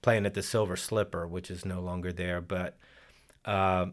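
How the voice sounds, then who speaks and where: A man's voice: deep voice, little pitch movement, normal speed. Older man rambling through stories. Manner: rambling, full of fillers and restarts. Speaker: musician guest. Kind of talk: casual storytelling.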